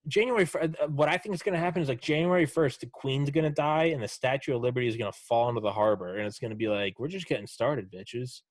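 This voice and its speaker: A man of middle pitch talking casually on a podcast, sarcastic and animated, and he swears a lot. The sound is dry and close, with no room in it. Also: fast talker, hardly any pauses, dry recording. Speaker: podcast host. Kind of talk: casual chat.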